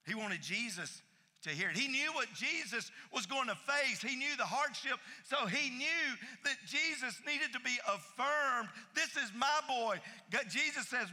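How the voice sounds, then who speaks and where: A man preaching a sermon, emphatic, repeating key phrases and swinging between loud and soft. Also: very high-pitched, long reverb tail. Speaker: pastor.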